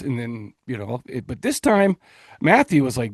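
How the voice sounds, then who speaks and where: A man's voice: medium pitch, very animated, moderate pace, dry recording, clean studio sound. A man co-hosting a casual podcast, joking and rambling with frequent restarts. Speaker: podcast co-host. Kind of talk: casual chat.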